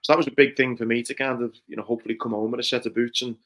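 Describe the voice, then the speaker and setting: A man's mid-range voice, steady in tone, very fast and a bit bright, belongs to a former Royal Marine being interviewed as a guest. He recounts his training in a reflective, earnest, conversational way, peppered with "you know" and similar fillers.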